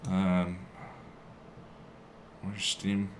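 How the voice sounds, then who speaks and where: A man's voice: sits low, completely flat delivery, very slow, a little hiss or hum. A man live-streaming his video editing, chatting casually with viewers and muttering to himself while he works at a home desk.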